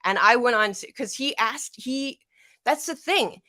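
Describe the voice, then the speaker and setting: A woman's voice: fairly high pitch, measured pace, bright, forceful tone, dry recording, clean studio sound. A young adult woman telling an emotional personal story on a livestream, rambling and repeating herself, her voice catching at times. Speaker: guest.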